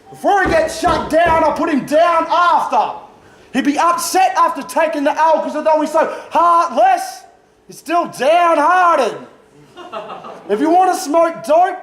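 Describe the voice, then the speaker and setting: A man's voice: extremely high pitch, reverberant. A man performing aggressive, profane battle rap verses, taunting his opponent. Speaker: battle rapper.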